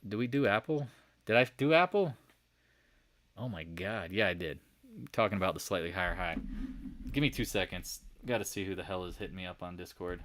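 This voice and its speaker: A man hosting a casual market recap, talking through charts with jokey asides, swearing and sudden loud outbursts. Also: sits low, dry recording. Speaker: stock market recap host. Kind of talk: casual screen-share chart commentary.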